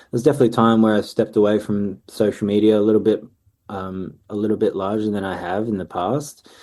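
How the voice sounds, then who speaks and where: A relaxed man in his thirties talks through his answers in an easygoing way. His voice sits low and mellow, with frequent pauses and ums. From Australia. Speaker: musician guest. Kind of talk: casual interview answers.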